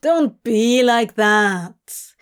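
A woman voicing a theatrical, cheeky male demon who gloats and teases in a booming, drawn-out way. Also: expressive. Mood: cheeky teasing. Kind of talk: audiobook fanfic reading.

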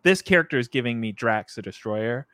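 A man on a podcast talks casually about games at a middling pitch, circling his point with ums and restarts. His voice is recorded close and dry, with no room sound. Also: lively intonation, fairly quick, pushed and bright, clear, resonant tone, dry recording. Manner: rambling, many fillers and restarts. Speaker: podcast co-host. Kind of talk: casual video game discussion.

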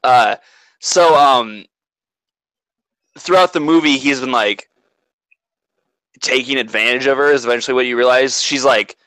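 Bright-voiced man retelling a movie, swearing. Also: mid-range voice, clean tone, dry recording, poor audio. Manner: animated, swears freely, quick asides. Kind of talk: casual chat, retelling a movie plot.

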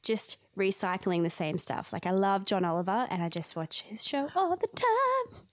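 A woman co-hosting a casual podcast chat, expressive and acting out her own thoughts in quotes. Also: mid-range voice, moderate pace, no room sound, studio quality.

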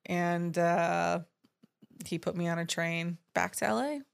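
A woman's voice: on the low side, steady tone, unhurried, vocal fry, smooth. A young woman on a comedy podcast, telling candid, swearing stories about herself. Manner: candid, swearing, self-deprecating storyteller. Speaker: comedian guest. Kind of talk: casual podcast chat.

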